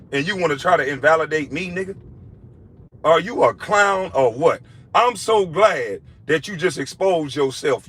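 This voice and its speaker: A former pro basketball player delivering an angry, profane video rant, heated and insulting. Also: male voice, fairly high pitch, pushed and bright, husky.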